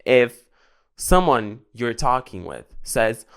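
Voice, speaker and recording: A man's voice: fairly high pitch, animated, normal speed, fairly bright tone. A young man, hosting a podcast in sassy, dramatic casual chat. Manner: sassy, dramatic, switching between English and Bulgarian. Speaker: podcast host.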